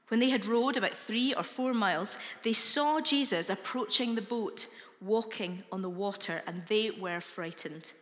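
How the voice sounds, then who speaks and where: A woman reading scripture aloud in a slow, deliberate way. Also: mid-range voice, fairly bright tone. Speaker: scripture reader. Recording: reverberant hall.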